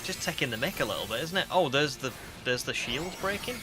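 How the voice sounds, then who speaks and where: A man's voice: medium pitch, very animated, a little fast, music in the background. A young man with a northern English accent and a slight Scouse twang, chatting casually on a live stream and reading viewer comments aloud. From northern England.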